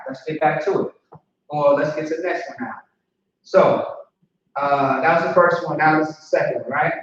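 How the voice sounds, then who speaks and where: A man giving a casual spoken language lesson, talking loosely and often checking in with his listeners. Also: on the high side. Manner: conversational, repeats "see what I'm saying". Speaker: language teacher. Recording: echoey, distant, dull lo-fi room recording.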